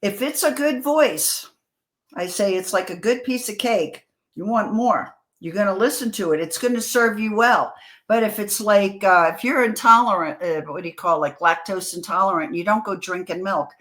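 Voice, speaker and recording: An animated woman from New York talks as a guest author in a casual interview. She tells stories with quick restarts and repeated words, speaking at an everyday middle pitch. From New York, USA.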